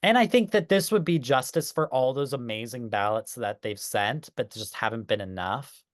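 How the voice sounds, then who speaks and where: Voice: mid-range voice, normal speed, dry recording, studio quality. A podcast co-host in casual chat, talking enthusiastically and swearing casually.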